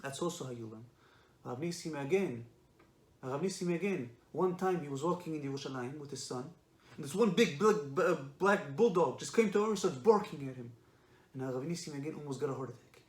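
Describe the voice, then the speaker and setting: A man's voice: a little high, expressive, a little fast. A man giving a religious lesson, emphatic and repetitive, often asking rhetorical questions. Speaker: Torah lecturer. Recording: echoey room.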